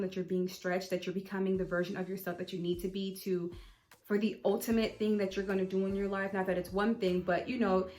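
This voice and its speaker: A young woman hosting her own vlog channel, talking candidly and casually about faith and personal growth, with lots of fillers along the way. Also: medium pitch. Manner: candid, chatty, with many fillers. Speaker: channel host.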